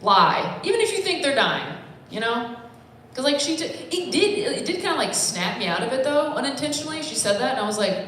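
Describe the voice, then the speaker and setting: A woman's voice: a little high, sing-song, normal speed, fairly bright tone. A woman doing a stand-up comedy set in a bar, talking in a rambling, self-deprecating, conversational way. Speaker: stand-up comic. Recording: echoey bar room, faint noise.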